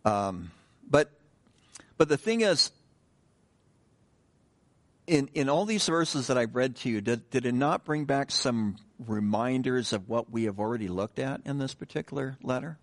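A man's voice: medium pitch, animated, measured pace, long pauses. A middle-aged man preaching a sermon, reading scripture and praying, then talking in a loose, conversational way with restarts and joking asides. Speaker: pastor.

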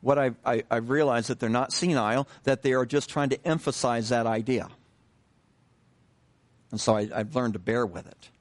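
Man preaching, conversational sermon, slow with fillers and restarts, mid-pitched voice. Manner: unhurried, repeats himself with many fillers and restarts; conversational, asks the congregation questions. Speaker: pastor.

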